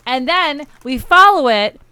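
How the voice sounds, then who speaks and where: Woman, podcast host, slightly high voice, teasing, bossy. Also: expressive, a little slow, sharp tone. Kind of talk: casual chat.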